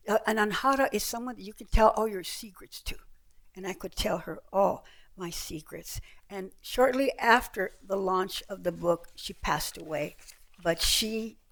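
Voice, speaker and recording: An older woman giving an author's talk, telling travel stories with slides and acting out the people she met. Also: medium pitch. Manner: lively storyteller, acts out voices. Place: heritage center event room with audience.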